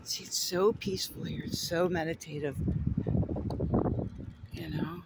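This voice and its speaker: An artist vlogger from Florida, USA, chats cheerfully to a handheld camera while riding along neighborhood streets. His high voice is creaky, steady in tone, and unhurried; he giggles often and keeps talking to his dog. Loud outdoor ambience, passing vehicles, and birds sit under his voice.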